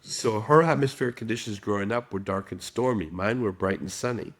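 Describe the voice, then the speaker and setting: A man's voice: fairly low pitch, a little fast, breathy edge. A middle-aged man, a guest expert in a podcast interview, telling stories and acting out quotes. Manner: storytelling with acted quotes.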